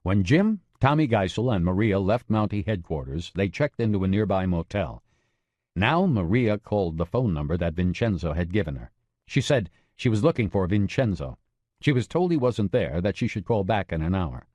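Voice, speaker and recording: Expressive male audiobook narrator. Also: sits low, moderate pace, dry recording.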